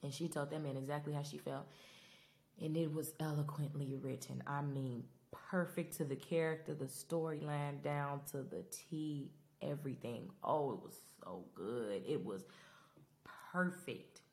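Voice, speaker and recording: A woman's voice: deep voice, measured pace, gravelly. A woman hosting a podcast, talking casually and emotionally to her listeners in a Black while recapping a TV finale. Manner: expressive, emotional, rambling, talks to listeners directly. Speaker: podcast host.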